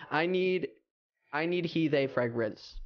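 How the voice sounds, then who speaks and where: A man's voice: a little high, animated, drawn-out words, lo-fi sound. A young American man chatting casually and playfully on a livestream, rambling with filler words. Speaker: streamer.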